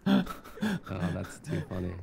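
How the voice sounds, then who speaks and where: Gravelly joking gamer man. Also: low voice, very animated, measured pace, crowd noise. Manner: joking, playful commentary. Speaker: player. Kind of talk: casual gaming voice chat.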